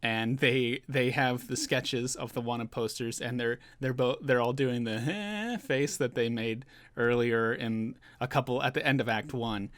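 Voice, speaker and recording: A man's voice: mid-range voice, flat delivery, unhurried, fairly bright tone, no room sound. Chatty man recapping a manga chapter, dry sound. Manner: chatty and loose, with many fillers and chuckles. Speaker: manga reviewer.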